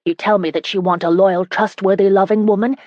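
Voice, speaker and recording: A woman's voice: moderate pace, no echo, dull audio, close to an everyday voice. A woman narrator voicing a spirited, indignant young woman in an audiobook, speaking emphatically and sharply. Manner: sharp, emphatic, higher and louder than narration.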